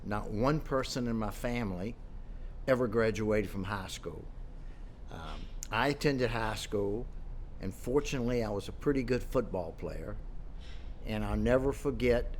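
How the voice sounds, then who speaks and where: A man tells his life story as an entrepreneur, his pitch rising and dipping as he acts out what others said to him. His voice sits in a middle register. A faint room hum runs underneath. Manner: animated storyteller acting out quoted dialogue. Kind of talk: personal storytelling to camera.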